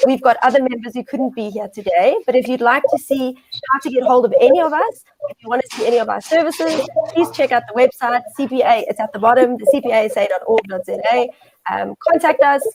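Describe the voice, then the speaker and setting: Encouraging woman host, a touch high. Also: background noise. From South Africa. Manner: warm, encouraging, quick affirmations. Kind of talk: casual panel chat.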